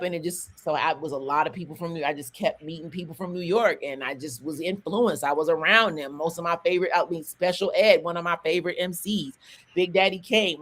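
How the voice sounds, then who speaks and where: This fairly low-pitched woman is an Atlanta-born rapper in her forties, a Southerner with a neutral, non-regional accent, appearing as a guest in a relaxed interview. She speaks animatedly in quick bursts, restarting and digressing as she tells her stories.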